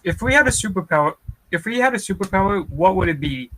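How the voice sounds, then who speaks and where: A man's voice: high-pitched, lively intonation, fast talker, fairly bright tone, slight background noise. A teenage boy co-hosting a casual podcast, goofily reading out listener questions. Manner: goofy, reads out listener questions. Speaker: podcast co-host. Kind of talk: casual group chat.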